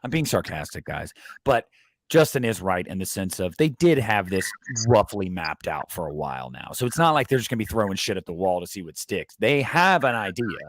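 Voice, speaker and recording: A man's voice: on the low side, very animated, a little fast, fairly bright tone. A man co-hosting a casual livestream, talking animatedly and sarcastically while reading viewer comments aloud. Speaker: podcast co-host.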